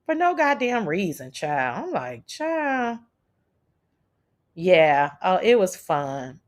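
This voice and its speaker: A woman's voice: on the low side, sing-song, slow pace. A woman hosting a casual livestream chat, brash and profane as she talks back to her chat. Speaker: livestream host.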